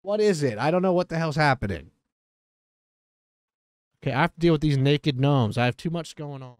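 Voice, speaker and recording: A man giving casual gameplay commentary as a streamer, chatty and quick to exclaim, breaking off to talk to his dogs. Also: fairly high pitch, animated, no echo, studio quality. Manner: chatty, exclaims often, talks to his dogs between game remarks. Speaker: gaming streamer.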